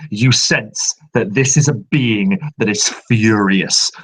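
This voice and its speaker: A man narrating a tabletop game as game master, with slow, descriptive narration. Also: fairly low pitch, slightly rough, low-quality recording.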